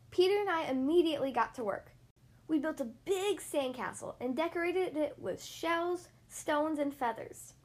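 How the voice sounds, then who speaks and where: Expressive woman reading a children's story. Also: high-pitched, a little slow. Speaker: podcast host reading to kids. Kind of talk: children's story read-aloud.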